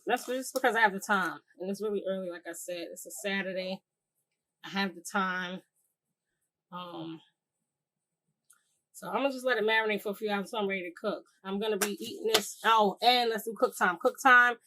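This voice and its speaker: A woman's voice: mid-range voice, fairly bright tone, poor audio. A woman hosting a casual cooking tutorial, chatting loosely with her viewers and circling back on herself as she goes. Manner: chatty, talks to viewers as "y'all"; rambling with many fillers and restarts. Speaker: cooking channel host.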